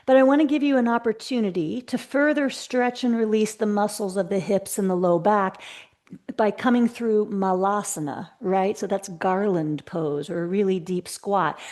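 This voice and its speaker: A woman teaching a live yoga class over a video call, giving slow, gentle cues with soft asides. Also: mid-range voice.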